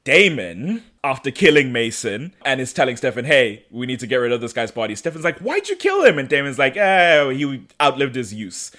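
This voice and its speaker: A man's voice: mid-range voice, a little fast, few pauses, sharp tone. A man co-hosting a podcast, retelling a story in casual chat and acting out the characters' lines with frequent laughs. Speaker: podcast co-host.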